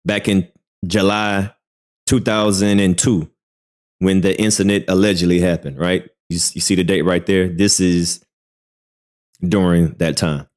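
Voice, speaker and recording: A man with a fairly low voice hosts a relaxed livestream news commentary. He hedges every claim and keeps checking in with "all right" and "right?". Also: measured pace. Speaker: commentary channel host.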